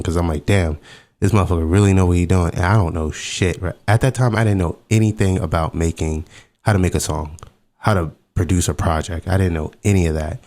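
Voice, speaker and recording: Low-voiced man telling a candid story. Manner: candid, profane, self-mocking; relaxed and conversational. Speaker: podcast host. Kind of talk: casual storytelling monologue.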